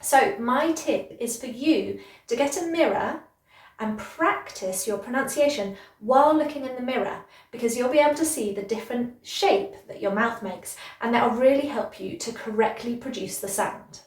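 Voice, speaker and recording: A British woman teaching English pronunciation, speaking slowly and clearly and drawing out example words in an encouraging way. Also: fairly high pitch, reverberant, distant mic. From Britain. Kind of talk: pronunciation lesson.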